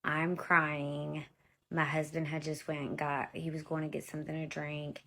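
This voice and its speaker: Blunt, gravelly-voiced woman telling a story. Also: sits low, monotone, moderate pace, sharp tone. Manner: blunt, profane, exasperated storytelling; addresses viewers directly as y'all. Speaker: vlogger telling her own story. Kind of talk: casual storytime monologue.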